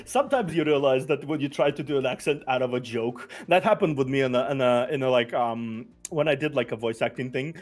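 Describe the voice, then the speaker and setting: A man with a Slavic accent chatting casually with a friend on a stream, playful and laughing often, with halting restarts. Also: medium pitch, faint music behind. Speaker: VTuber streamer. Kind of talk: casual collab chat.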